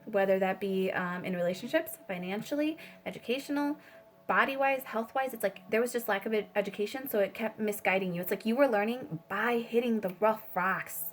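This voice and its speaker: A woman's voice: medium pitch, a little fast, soft background music. A woman giving a casual spiritual tarot reading, rambling with many fillers and swearing freely. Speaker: tarot reader.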